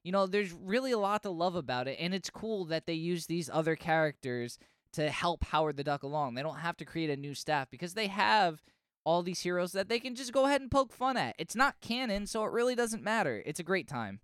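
A man's voice: high-pitched, lively intonation, fairly quick, fairly bright tone, clean tone, no room sound, clean studio sound. A man chatting casually as a podcast co-host, rambling and enthusiastic. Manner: enthusiastic, rambling, full of fillers. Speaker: podcast co-host reviewing comics. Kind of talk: casual chat.

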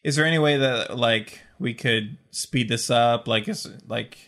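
A man's voice: mid-range voice, measured pace, a bit bright. Casual male tabletop player. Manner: casual, hesitant. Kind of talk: tabletop game play.

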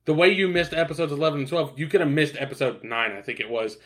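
A man's voice: a little high, quick pace, a bit bright. A young man in casual podcast chat, laid-back and swearing often, with lots of fillers and restarts. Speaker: podcast co-host.

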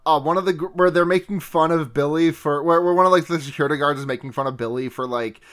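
A woman's voice: low voice, fast. A young woman co-hosting a podcast in casual chat, laughing hard through her sentences. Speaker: podcast co-host.

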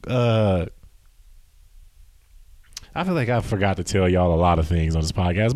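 Hosting a solo podcast from home, a man rambles and swears, often losing his train of thought. His medium-pitched voice is a little fast and a little mellow, with lively intonation, in a dry, clean studio recording.

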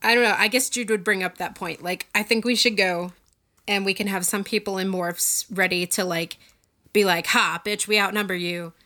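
Bright, sarcastic woman player. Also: medium pitch, steady tone, moderate pace. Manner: sarcastic, swears casually, laughs a lot. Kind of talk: tabletop role-play banter.

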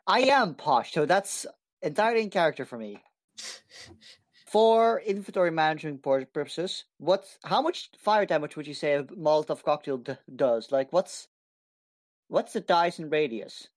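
A man's voice: fairly high pitch, expressive, normal speed. A man in casual tabletop game chat, using a slightly posh voice, eager and full of rules questions. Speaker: player.

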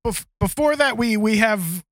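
A man co-hosting a casual podcast chat, telling animated anecdotes and breaking into laughter. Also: high voice, a little slow, slight background noise. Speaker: podcast co-host.

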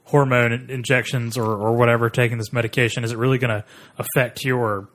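A man in casual podcast talk, trailing off and restarting as he picks through his thoughts on a film. His voice sits at an ordinary middle pitch, and he laughs easily at the others' jokes. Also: flat delivery, brisk, a bit bright. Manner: hesitant, searching for words, laughs at jokes. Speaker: podcast co-host.

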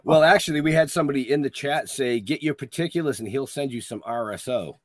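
A man co-hosting a podcast, talking in a relaxed, offhand way. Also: mid-range voice, fast talker, no echo. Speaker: podcast co-host. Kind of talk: casual podcast chat.

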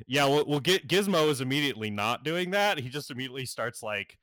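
A man running a tabletop game as game master, narrating in a halting way with many fillers and frequent laughs. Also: medium pitch, lively intonation, a bit bright, no room sound, studio quality.

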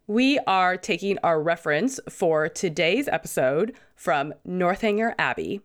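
A woman's voice: on the low side, lively intonation, a little slow. A woman co-hosting a podcast in casual chat, her voice still a bit sick, laughing between points. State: sick, hoarse-sounding voice. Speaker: podcast co-host.

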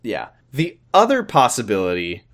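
A man's voice: mid-range voice, wildly swooping pitch, moderate pace. A man hosting his podcast, summarizing a show in casual chat with a wry, teasing manner and casual swearing. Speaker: podcast host.

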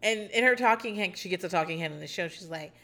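A woman's voice: lowish voice, quick pace, pushed and bright. A woman in her thirties hosting a casual podcast, chatty and sarcastic, swearing freely and laughing often. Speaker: podcast host recapping a reality show. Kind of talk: casual chat.

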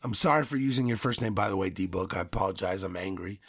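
A man hosting a podcast, delivering a loud, profane, angry sports rant. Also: low voice, fast talker, breathy edge, no echo, studio quality. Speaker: podcast host.

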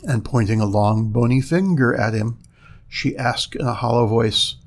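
A man narrating a fairy tale in a measured, steady reading. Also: medium pitch. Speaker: storyteller.

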